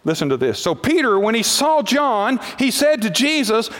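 A man with a high voice preaches a sermon and tells the story with lively energy, acting out each character's lines. His voice rings with the long reverb of a large hall. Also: moderate pace, few pauses.

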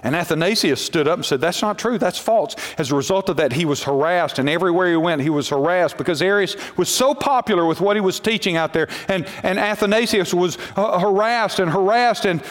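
A man's voice: sits high, a little fast, few pauses, long reverb tail. A man preaching a sermon, telling a Bible story with animation and acting out the characters' lines.

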